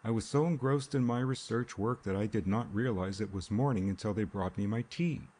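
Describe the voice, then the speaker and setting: A man doing a quiet, guarded gentleman. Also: lowish voice, lightly acted. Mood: measured. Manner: quiet, measured.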